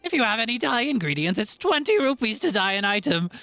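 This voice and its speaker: A man's voice: extremely high pitch, big pitch swings, fairly quick, pushed and bright, no echo, faint music behind, voice pushed up, full character voice. A man voicing a flamboyant dye-shop owner in a game, drawing out his words in a theatrical, grand manner. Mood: grandiose.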